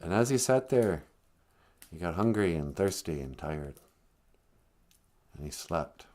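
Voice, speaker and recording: A man telling a comic story on a live stream, rambling with deadpan asides. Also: sits low, unhurried.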